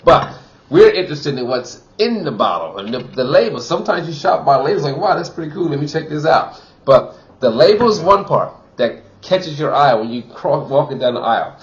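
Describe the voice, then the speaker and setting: A man's voice: medium pitch, very animated, moderate pace, highs cut off. A man giving a casual wine tasting review, chatty and full of "you know" fillers, from Wisconsin.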